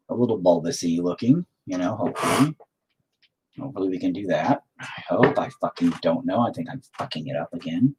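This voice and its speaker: A man talking casually to himself while he paints, swearing constantly, self-critical, dropping into mutters and then flaring up loudly. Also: low voice, slightly rough. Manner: drops into whispers and mutters, then flares up loudly. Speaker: painting streamer.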